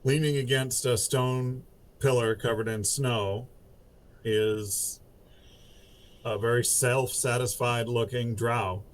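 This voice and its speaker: A man runs a tabletop game as its game master. He narrates at a slow, deliberate pace. His voice sits at a middling pitch. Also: fairly even intonation.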